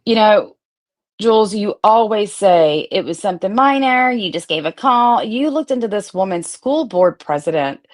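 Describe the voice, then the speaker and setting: A woman's voice: mid-range voice, lively intonation, moderate pace. A woman hosting a casual livestream, talking bluntly and swearing freely as she addresses her viewers directly. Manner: blunt, profane, talks straight to viewers. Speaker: streamer host.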